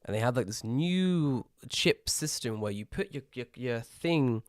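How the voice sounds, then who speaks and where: A young British man co-hosting a podcast, telling an animated, swear-heavy story in casual chat. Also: mid-range voice, unhurried, no room sound, clean studio sound. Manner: rising to loud exasperated outbursts. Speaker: podcast co-host.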